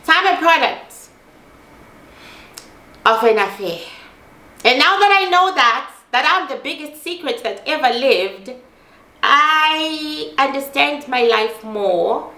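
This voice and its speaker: A woman's voice: high-pitched, animated, slow pace, long pauses, pushed and bright, reverberant. A middle-aged woman giving an intense personal monologue, emphatic and repeating lines for force, swearing as she talks. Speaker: host.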